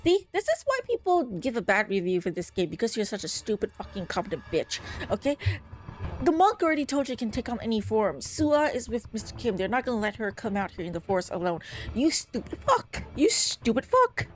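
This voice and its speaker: A woman's voice: medium pitch, very animated, fast, darkish tone, soft background music. A woman playing a story game, reading the narration aloud and breaking off to curse and scold herself. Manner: exclaims at jump scares.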